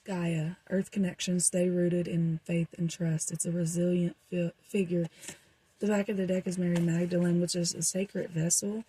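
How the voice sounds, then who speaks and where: Very breathy, husky woman reading tarot. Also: lowish voice, little pitch movement, moderate pace, mellow, rough recording. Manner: rambling, meandering with frequent fillers. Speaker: tarot reader. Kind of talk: casual tarot reading to viewers.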